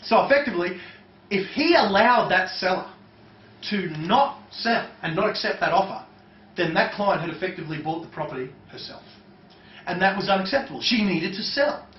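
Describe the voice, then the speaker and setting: High-voiced man teaching in an echoey hall. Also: animated, normal speed. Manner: chatty, loose and conversational, with many fillers. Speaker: seminar trainer. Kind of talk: live workshop teaching. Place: seminar room with a live audience. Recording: echoey, distant, dull lo-fi room recording.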